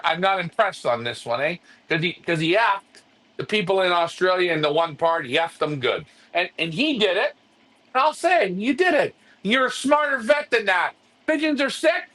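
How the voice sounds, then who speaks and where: A man's voice: high voice, fairly bright tone. A man, co-hosting a live pigeon-club stream, ranting bluntly and repeating himself when fired up. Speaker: pigeon racing club co-host.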